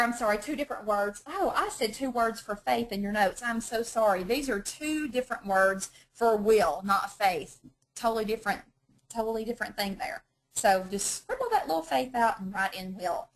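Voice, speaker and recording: A woman's voice: on the high side, animated, moderate pace, poor audio. Chatty woman teaching Bible study. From North Georgia, USA. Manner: chatty, self-deprecating, laughs often.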